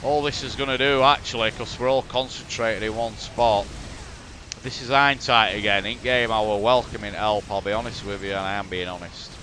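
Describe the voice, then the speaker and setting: A man with a broad Yorkshire accent talks over a replay of his own game, blunt and exasperated, with plenty of swearing. His voice sits low, but its tone is bright and forceful. Faint noise runs underneath. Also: steady tone, moderate pace. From Yorkshire, England. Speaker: gaming commentator. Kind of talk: casual game replay commentary.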